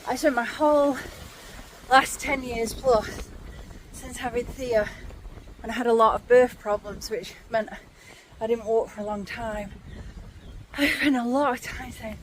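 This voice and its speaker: A woman in her forties, out of breath, talking candidly into a handheld phone while she climbs a windy hill, with sighs and pauses between phrases. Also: a little high, poor audio. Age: 40s. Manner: chatty and candid, pausing to sigh and catch breath. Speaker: vlogger. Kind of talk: casual talk to camera while walking. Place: outdoors on a windy hillside. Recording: wind noise on a phone mic outdoors.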